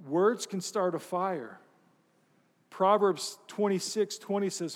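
A man's voice: sits high, slow pace, long reverb tail. A man preaching a sermon, telling a story with self-deprecating humor and asking his congregation questions. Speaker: pastor.

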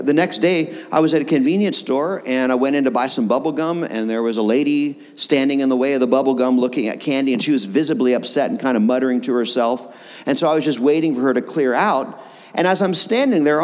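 Preacher in an echoing hall. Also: male voice, fairly high pitch. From Pennsylvania. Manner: animated storytelling, acts out his own prayers. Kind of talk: sermon. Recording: long reverb of a large hall.

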